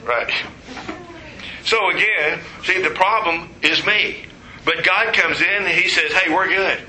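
A man preaching a sermon, telling stories with humor and quoting voices in an animated way. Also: sits high, unhurried, reverberant, slight background noise, low-quality recording.

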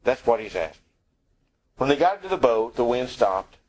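Husky-voiced male preacher, conversational sermon. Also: mid-range voice, sing-song, normal speed, a little mellow, poor audio. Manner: conversational, wry, acts out quoted lines.

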